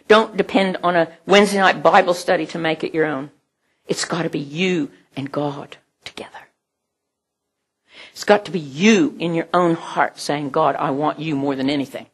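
A woman's voice: lowish voice, slightly rough. A woman preaching a sermon in an earnest way, often dropping almost to a whisper and laughing now and then.

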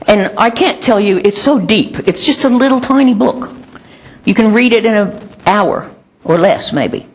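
A woman preaching a sermon and praying, in a chatty, animated way with asides. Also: mid-range voice, unhurried, breathy edge.

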